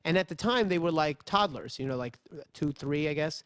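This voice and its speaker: A man's voice: on the high side, moderate pace, smooth, dry recording. A man hosting a talk show, telling stories animatedly and acting out what others said. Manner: animated storyteller, acts out other people's voices. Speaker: podcast host. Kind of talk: casual storytelling chat.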